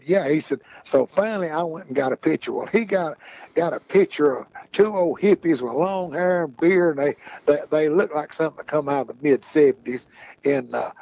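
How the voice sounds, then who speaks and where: A man spins long, rambling tales in an easygoing chat, forever circling back with "he said." His voice is gravelly and dark, with a breathy, husky edge. The sound is a little muffled and lo-fi. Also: on the high side. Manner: folksy, rambling, keeps repeating "he said". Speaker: podcast guest storyteller. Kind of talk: casual storytelling.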